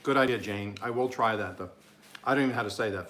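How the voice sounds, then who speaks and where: A man's voice: on the low side, fast talker, a bit bright. Chatty Oklahoma man vlogging his cooking. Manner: chatty, rambling, self-amused. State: talking with mouth full at times. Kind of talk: casual cooking vlog.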